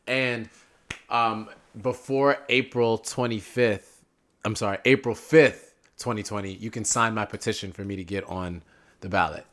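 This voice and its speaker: A young man talks as a podcast guest in an animated, rambling way, drifting off on tangents as he goes. His voice is low-pitched but bright and ringing, and his level swings up when he gets excited. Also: brisk. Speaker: podcast guest, political candidate. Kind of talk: casual interview chat.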